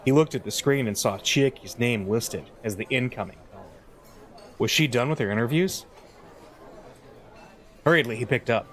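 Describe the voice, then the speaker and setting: A man's voice: medium pitch, a little fast, fairly bright tone. A man playing a visual novel, reading the story aloud with amused, chuckling commentary. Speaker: let's play gamer.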